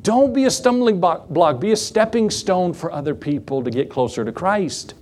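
A middle-aged man preaching a sermon in a slightly raised voice. He swings his pitch and pace widely as he acts out Bible scenes. He speaks from the pulpit. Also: expressive, normal speed, a little mellow. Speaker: pastor.

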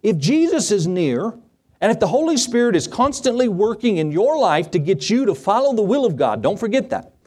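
A middle-aged man preaching a sermon as pastor, animated and acting out Bible scenes in different voices. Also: sits high, normal speed, slightly rough.

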